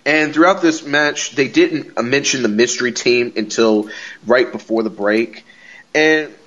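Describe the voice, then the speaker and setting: A man hosting a podcast, recapping a wrestling show in a casual, excitable way, laughing often and repeating himself. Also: mid-range voice, measured pace, muffled recording. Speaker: podcast host.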